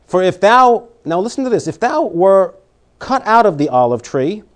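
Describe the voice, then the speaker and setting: A man delivers a sermon in a somewhat high-pitched voice. He reads scripture aloud and swings between loud, emphatic declarations and quiet warnings. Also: big pitch swings, moderate pace. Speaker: preacher.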